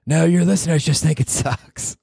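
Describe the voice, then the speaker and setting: A man's voice: on the high side, moderate pace, gravelly, mellow, husky, dry recording, clean studio sound, voice pushed up. A man voicing a nagging young girlfriend who teases him and calls him a loser. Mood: mocking.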